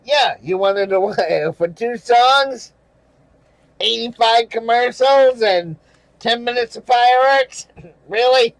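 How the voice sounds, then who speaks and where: A man's voice: very high-pitched, slow pace, vocal fry, no echo, poor audio. A man hosting his channel, reading viewer comments aloud and ranting about them in angry, profane, sarcastic casual commentary, with chuckles in between.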